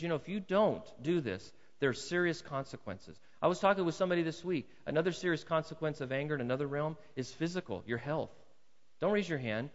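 A man's voice: mid-range voice, in a large hall, highs cut off. A middle-aged male pastor preaching a sermon, talking to the congregation in a conversational way, acting out little scenes and asking questions. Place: church sanctuary.

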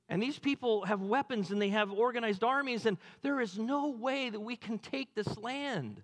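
A man's voice: very high-pitched, normal speed, hardly any pauses, fairly bright tone, big-room sound. A male pastor preaches a sermon, retelling a story and asking the congregation rhetorical questions with repeated phrases.

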